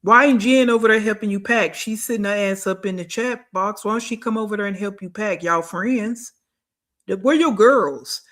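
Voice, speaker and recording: A woman's voice: medium pitch, fairly quick, hardly any pauses, fairly bright tone. A woman hosting a reaction channel, giving blunt, scornful, slangy commentary on a clip.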